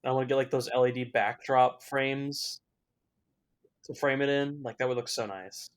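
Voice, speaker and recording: A man's voice: mid-range voice, fairly even intonation, normal speed, clean tone. A young man talking through a film as a casual watch-along commentary, swearing freely and reacting with open emotion. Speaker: movie reviewer.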